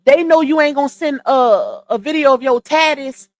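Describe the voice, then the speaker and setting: A young woman speaks in in a high voice, giving emphatic, opinionated commentary straight to her viewers. The sound is close and dry, with no room around it. She leans hard on her points as she speaks. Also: normal speed, darkish tone, dry recording. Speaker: live stream host. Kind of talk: casual commentary livestream.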